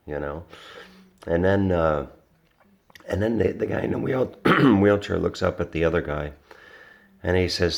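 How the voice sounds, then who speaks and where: A man with a very deep voice talks casually to the camera, winding through a story with plenty of pauses and "uh"s. His tone is gravelly and low, and he comes across as earnest and reflective. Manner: rambling, many restarts and fillers. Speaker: vlogger.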